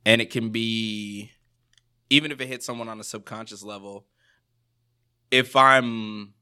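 Young man, from Jamaica, podcast guest, slangy, animated, bright lowish voice. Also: a little slow, clean tone. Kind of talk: casual podcast conversation.

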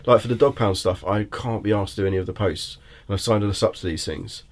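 A man's voice: lowish voice, quick pace. A man hosting a podcast in casual chat. He is blunt and jokey and swears a lot. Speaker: podcast host.

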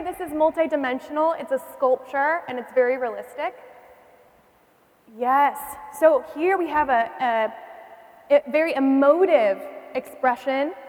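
A young woman teaching a church history class who asks her listeners questions and repeats their answers. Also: high-pitched. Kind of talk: classroom lecture. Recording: long reverb in a hall.

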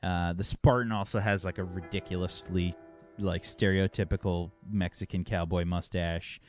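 A man's voice: low voice, fairly even intonation, moderate pace, a little mellow, soft background music. A man narrating a tabletop role-play game as game master, rambling with many fillers. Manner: rambling, filler-heavy description.

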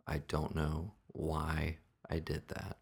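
Deep gravelly man, husky and dry. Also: monotone, slow. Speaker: podcast co-host. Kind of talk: casual chat.

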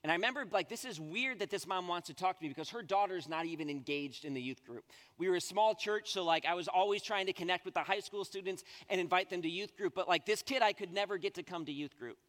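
A man in his thirties delivering a sermon with a fairly high voice. He tells his stories in a lively, conversational way. His voice rings with a long reverb from the church hall. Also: fast. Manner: animated conversational storytelling. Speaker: pastor. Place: church sanctuary.

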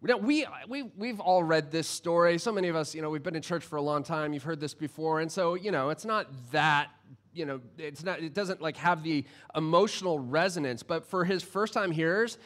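A man's voice: a little high, normal speed, a bit bright. A man preaching a sermon in a conversational, humorous way, often restarting his sentences. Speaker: pastor.

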